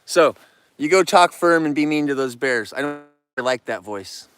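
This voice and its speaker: A man's voice: on the high side, animated, moderate pace, fairly bright tone, clean tone, no echo. A man hosting a livestream from his yard, joking and chatting playfully with viewers. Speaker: livestream host. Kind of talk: casual live chat to viewers.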